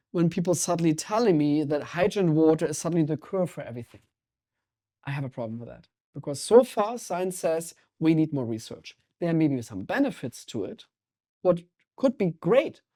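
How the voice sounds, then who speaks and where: A man with a German accent, a guest in a podcast interview, talking in an energetic, intense and emphatic way. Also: fairly high pitch. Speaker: guest, water sommelier.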